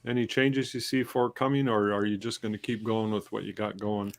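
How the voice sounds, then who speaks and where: A man's voice: fairly low pitch, flat delivery, fairly quick. A man hosting a casual photography chat over a video call, joking and teasing his co-host. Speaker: podcast host.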